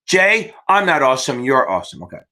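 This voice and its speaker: A man's voice: mid-range voice, big pitch swings, moderate pace, bright, forceful tone. A man hosting a live exam-prep Q&A stream, talking in a rambling, profane, cheerleading way. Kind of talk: livestream Q&A chat.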